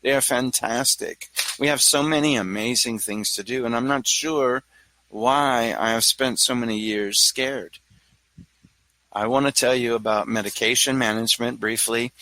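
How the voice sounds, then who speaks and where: Stammering man, forceful voice. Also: medium pitch, dry recording, rough recording. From Louisiana. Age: 40s. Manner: rambling, stammering restarts, jokey. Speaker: speaker on mental health. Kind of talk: casual talk to an audience.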